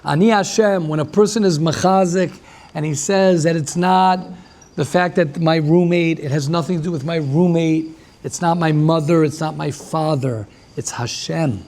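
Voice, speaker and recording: A man who is a rabbi giving a lively class, repeating himself and restarting often as he talks with the audience. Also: fairly high pitch, normal speed.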